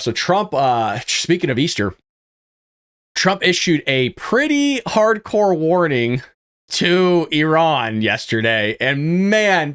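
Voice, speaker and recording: A man's voice: mid-range voice, fairly bright tone. A man hosting a casual political commentary livestream, talking in a chatty, conversational way. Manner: chatty, conversational, lots of "you know what I mean". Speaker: host.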